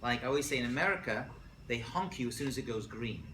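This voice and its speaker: A man, a rabbi, giving a jokey, animated lecture to college students and asking them questions. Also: mid-range voice, fast talker, echoey room, slight background noise. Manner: jokey, asks the class questions.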